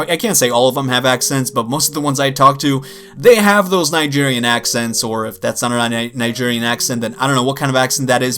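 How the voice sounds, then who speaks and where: A man's voice: mid-range voice, fairly bright tone. A man speaking casually to his viewers, exasperated and loose, with lots of fillers. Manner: conversational, exasperated, with frequent fillers. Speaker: gaming video creator. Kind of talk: casual rant to camera.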